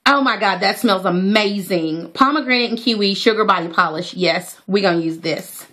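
A woman chatting excitedly to her viewers as she unboxes hair products in a casual vlog. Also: medium pitch, normal speed. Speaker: natural hair vlogger.

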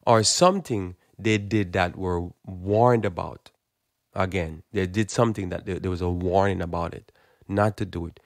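A man's voice: deep voice, steady tone, moderate pace, dry recording, studio quality. A man giving a blunt, emphatic, informal sermon, often repeating words as he builds his point. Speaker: Christian preacher. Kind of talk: informal preaching monologue.

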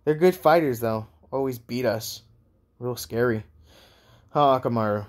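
A man reads the lines of a cheerful, optimistic teenage boy hero with a dog. The delivery is casual and a little hesitant, with a middle-pitched voice. It sounds like an amateur storybook reading. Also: a little slow, lightly acted. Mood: friendly.

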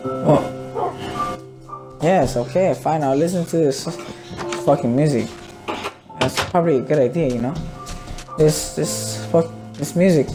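A man's voice: fairly high pitch, takes it slowly, long pauses. A man casually commenting on his gameplay, grumbling, swearing and muttering to himself. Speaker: gamer. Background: game music.

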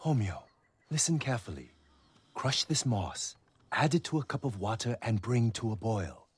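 A man playing a calm, knowledgeable village healer in a video game, giving careful, measured instructions. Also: fairly low pitch, breathy edge. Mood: instructive.

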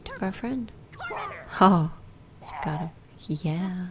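A woman casually commenting on her own gameplay, often dropping to a soft whisper. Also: on the low side, animated, drawn-out words, crowd noise. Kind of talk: casual let's-play commentary.

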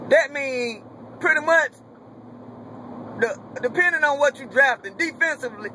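A man's voice: extremely high pitch, sharp tone, a little hiss or hum. A young man ranting in a vlog, angry and profane, repeating himself as he vents. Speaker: vlogger.

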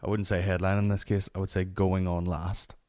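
Northern Irish male comic host, lowish voice, rambling sweary storyteller. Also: flat delivery, brisk, mellow. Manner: sweary, rambling anecdotal delivery. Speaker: podcast host. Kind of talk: solo comedy podcast storytelling.

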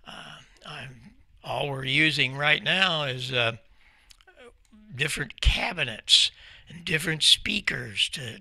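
Gravelly older man telling stories. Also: medium pitch, bright, forceful tone, no echo. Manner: enthusiastic, exclamatory storyteller. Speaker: guest speaker at a radio club. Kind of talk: storytelling presentation with slides.

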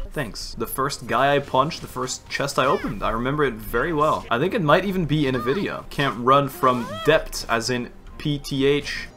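A man's voice: medium pitch, pushed and bright. A man giving casual gameplay commentary, chatty, laughing often and talking to the game. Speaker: gaming streamer.

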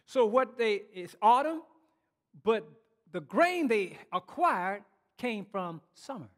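A male pastor delivers a sermon in a strikingly high voice, calling out to his congregation as he goes. He stumbles and repeats words mid-thought, pressing each point home. His voice hangs in a long reverb that fills a large church hall. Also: very animated, slow, fairly bright tone. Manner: exhorting congregation, frequent restarts and repeated words.

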